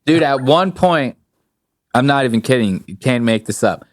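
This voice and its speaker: Profane, laid-back young podcast host. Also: male voice, medium pitch, expressive, normal speed, no room sound, clean studio sound. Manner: loose, profane, laughing often, mimics voices in stories. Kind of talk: casual podcast chat.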